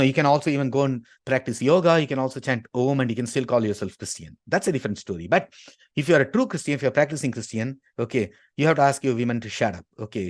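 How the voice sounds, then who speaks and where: A man delivers a forceful argumentative lecture, punctuating his points with a steady "okay." His voice sits at an ordinary middle pitch. The recording is dry and close, with no room sound. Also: dry recording. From Tamil Nadu, India. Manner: emphatic, constantly inserts "okay". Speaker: speaker at a talk.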